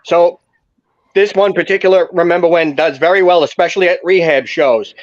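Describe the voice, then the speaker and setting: A man in his fifties, a comedian, telling a joke with quick, brisk delivery. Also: high voice, dry recording, dull audio. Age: 50s. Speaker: comedian guest.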